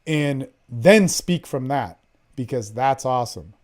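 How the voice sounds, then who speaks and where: A man hosting a podcast, coaching listeners on dating in a blunt, profane way, swinging between loud emphasis and low murmurs. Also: a little slow. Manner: animated, acts out his own lines in a hushed voice. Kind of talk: casual coaching talk.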